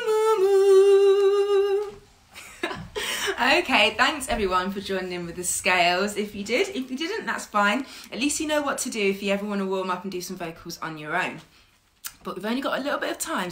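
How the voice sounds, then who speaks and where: A woman's voice: medium pitch, lively intonation, quick pace, pushed and bright, faint music behind. A woman teaching an online singing class, patient and encouraging, laughing often as she guides learners. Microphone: livestream mic. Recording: echoey room, faint keyboard.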